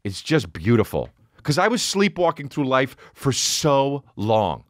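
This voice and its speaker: A man in his forties hosting a podcast, telling a rambling, profane story and jumping into high voices for quotes. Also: very animated, unhurried, no room sound, studio quality. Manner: rambling and profane, acts out quotes with big pitch jumps. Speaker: podcast host. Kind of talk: casual monologue.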